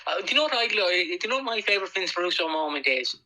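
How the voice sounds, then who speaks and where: A man's voice: high-pitched, very animated, very fast, bright, forceful tone, low-quality recording. A man co-hosting a podcast, chatting animatedly and doing silly impressions of people. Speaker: podcast co-host. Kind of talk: casual chat.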